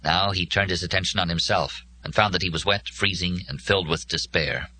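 A man reading scripted narration for an audiobook in a measured, solemn way. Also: deep voice, bright, forceful tone, a little hiss or hum.

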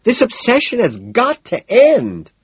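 A man voicing a whiny, high-strung wealthy young woman who complains melodramatically, for an audiobook. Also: wildly swooping pitch, slow, slightly rough, no echo, dull audio, full character voice. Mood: wailing. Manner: whining, exasperated, melodramatic. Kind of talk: audiobook character voice.

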